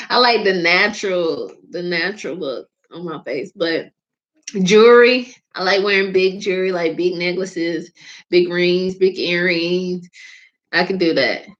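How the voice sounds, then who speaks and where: A woman's voice: fairly low pitch, a little slow, fairly bright tone, muffled recording. A woman from Georgia with a Southern accent, hosting her show in rambling casual chat and laughing often. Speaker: host.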